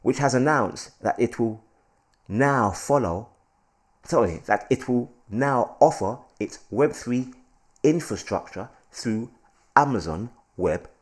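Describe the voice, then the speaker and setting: A man putting on a posh, plummy voice to read out a news piece in a prim, measured way. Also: mid-range voice, animated. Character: posh upper-class Englishman reading crypto news.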